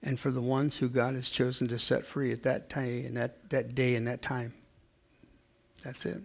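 A man's voice: mid-range voice, flat delivery, moderate pace, vocal fry. A man in his sixties preaching a sermon in a conversational way, acting out the quotes in playful voices. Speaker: pastor.

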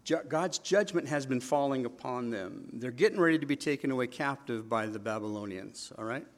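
A man pastor preaching a sermon, acting out quotes with lively asides. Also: medium pitch, brisk.

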